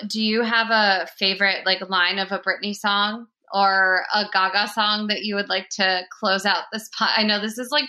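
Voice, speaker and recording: A woman's voice: mid-range voice, bright, forceful tone. A young woman hosting a podcast, chatting casually with lots of "like" and laughter. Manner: chatty, heavy use of "like", frequent laughter. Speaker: podcast host.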